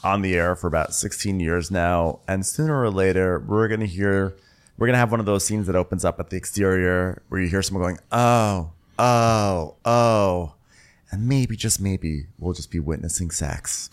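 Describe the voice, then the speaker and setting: A man's voice: low-pitched, fairly quick. A man co-hosting a comedy recap podcast, telling stories with lots of animation and exaggerated character voices. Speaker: podcast co-host.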